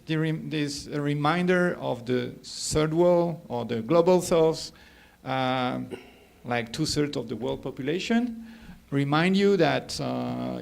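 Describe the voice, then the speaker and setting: A man speaking off the cuff at a scholarly workshop. His voice sits a little high with a gravelly edge, and he pauses often with fillers before pressing his points hard. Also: darkish tone. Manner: hesitant, many fillers, growing emotional and emphatic. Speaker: sociologist at a workshop. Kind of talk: academic discussion.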